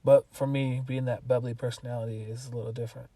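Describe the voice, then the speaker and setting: A man's voice: mid-range voice, quick pace, no echo, far from the mic. A young man co-hosting a podcast, chatting casually and joking from inside a car. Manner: animated, joking, laughs often. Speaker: podcast co-host. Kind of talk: casual chat.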